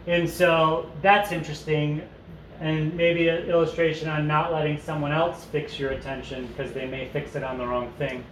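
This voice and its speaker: A man's voice: fairly high pitch, level tone, normal speed, a bit bright. A man teaching a parent study group in a casual, joking way, reading passages aloud and commenting on them. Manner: conversational, joking asides, reads aloud and comments. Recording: echoey room with faint noise.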